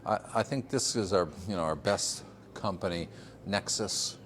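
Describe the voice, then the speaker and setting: A man's voice: sits low, normal speed, a bit bright, slight background noise. An older man from Vermont giving a casual greenhouse tour, rambling with fillers and frequent chuckles. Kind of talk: casual walking-tour interview.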